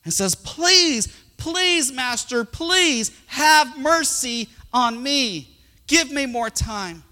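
Desperate guy begging for mercy, preacher playing him, high pleading voice, echoey hall. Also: animated. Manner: pleading, slow and drawn out. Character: desperate male debtor begging on his knees. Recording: long hall reverb.

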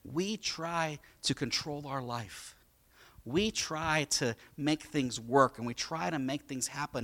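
A man preaching a sermon, moving between quiet storytelling and loud, impassioned preaching. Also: a little high, slow. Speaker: pastor.

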